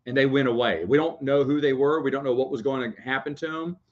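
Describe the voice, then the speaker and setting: A man's voice: mid-range voice, fast. A young man chatting casually on camera, rambling, laughing often and breaking off to talk to his baby. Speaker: vlogger. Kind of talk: casual chat. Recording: dull lo-fi sound.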